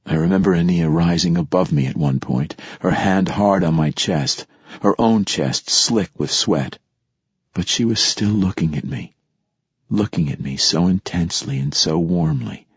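Deep husky male audiobook narrator. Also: dry recording, lo-fi sound. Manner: measured, reflective storytelling. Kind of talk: scripted narration.

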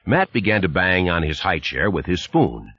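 A man narrating an audiobook in a lively, expressive reading. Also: sits low, normal speed, husky, no room sound, lo-fi sound. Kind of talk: scripted narration.

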